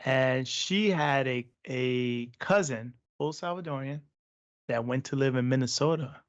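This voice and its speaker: A man from Southern California co-hosting a casual chat podcast, excitable, laughing often and talking over his co-host. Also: mid-range voice, measured pace, highs cut off.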